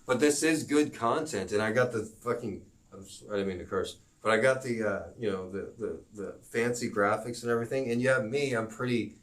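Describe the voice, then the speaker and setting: A man teaching a live-streamed geography lesson, rambling and halting, with self-promoting asides. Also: on the low side, a bit bright, recorded from a distance.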